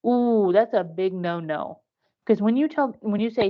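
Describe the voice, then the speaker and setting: A woman's voice: medium pitch, normal speed. A woman presenting over a video call, giving plain, earnest advice and now and then acting out little example phrases. Her voice sits in a middle range, and the call audio is dull and lo-fi. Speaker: workshop presenter. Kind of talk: instructive online presentation.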